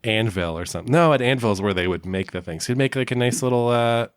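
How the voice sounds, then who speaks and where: A woman's voice: a bass voice, quick pace, no echo, clean studio sound. A woman co-hosting a casual film chat, joking and acting out lines in silly voices. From family of Italian and German descent. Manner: jokey, acts out quotes in silly voices. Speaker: podcast co-host.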